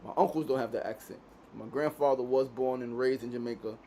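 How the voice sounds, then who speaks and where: Steady in tone and dark in color, this medium-pitched male voice moves fairly quickly over slight background noise. The speaker is a laid-back podcast host from Queens, New York, doing a casual daily studio show, cursing liberally and adding "right?" to his sentences again and again.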